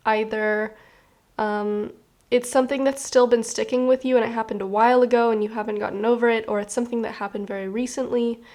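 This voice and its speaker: Earnest higher-voiced woman tarot reader. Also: darkish tone. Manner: earnest, rambling, many "like" fillers. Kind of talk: casual spoken tarot reading to camera.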